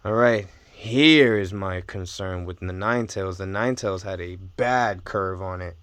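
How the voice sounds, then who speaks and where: A young man vlogging casually about his card collection, talking in excitable bursts and repeating his amazement. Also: deep voice, moderate pace, dry recording. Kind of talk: casual unboxing chat.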